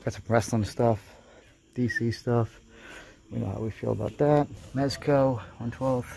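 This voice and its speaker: A man's voice: medium pitch, vocal fry, darkish tone. Man giving blunt toy-store commentary. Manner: blunt, quick verdicts, swears casually. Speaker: toy collector vlogger. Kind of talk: casual running commentary while shopping. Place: busy toy store, indoors. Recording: crowded store noise behind.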